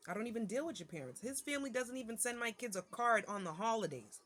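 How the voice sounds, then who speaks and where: A woman's voice: on the high side, lively intonation, fast talker, a bit bright, slight background noise. A mother venting to her viewers in a casual monologue, irritated and ranting, with many fillers and restarts.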